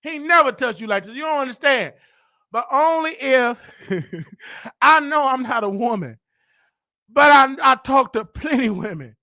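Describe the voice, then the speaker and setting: A man with a Southern US accent hosting a comedic live-stream rant, loud and teasing, breaking into laughs and mock voices. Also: very high-pitched, animated, unhurried. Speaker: host.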